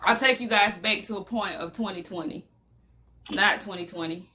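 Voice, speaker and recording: A woman's voice: medium pitch, moderate pace, sharp tone, a little hiss or hum. A middle-aged woman telling her personal story in a motivational talk, emotional and preacher-like, repeating phrases for emphasis.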